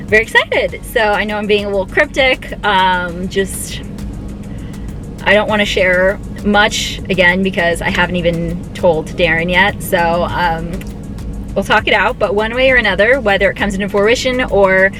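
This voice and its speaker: A woman's voice: mid-range voice, unhurried, poor audio. Chatty young woman vlogging, music behind. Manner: chatty, excitable, many fillers and restarts. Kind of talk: casual vlog chat. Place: car, then store and home.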